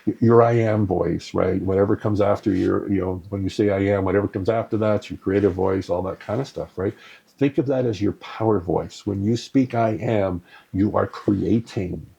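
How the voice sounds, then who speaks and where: A man's voice: on the low side, normal speed, vocal fry, mellow, slightly rough, dull audio. A man giving a conversational spiritual teaching on a live stream, often checking in with "right?" and answering viewer comments. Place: live stream to an online audience.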